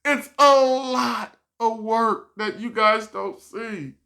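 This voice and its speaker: Stressed rambling vlogger, bright voice. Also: mid-range voice, slow, creaky. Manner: rambling, stressed, acts out other people's words; sighs and laughs while talking. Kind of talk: storytime vlog.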